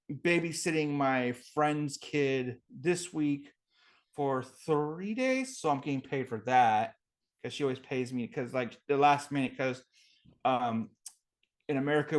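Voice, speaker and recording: A man's voice: a little high, a little slow. A man hosting a podcast, telling rambling, profane stories in casual chat and acting out quotes. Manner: rambling, profane storyteller who acts out quotes. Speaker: podcast host.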